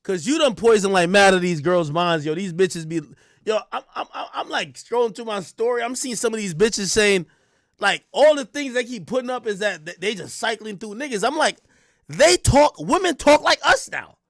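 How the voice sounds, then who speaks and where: A man's voice: high-pitched, lively intonation, moderate pace, dry recording, clean studio sound. A man hosting a livestream, ranting crudely and animatedly to his chat with frequent laughs. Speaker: livestream host. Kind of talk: casual stream commentary.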